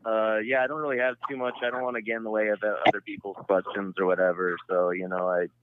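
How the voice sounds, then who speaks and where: A man's voice: on the low side, level tone, fast talker, slight background noise. A man calling in to a talk show, talking hesitantly with lots of fillers. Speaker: caller. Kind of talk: call-in conversation. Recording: tinny phone line.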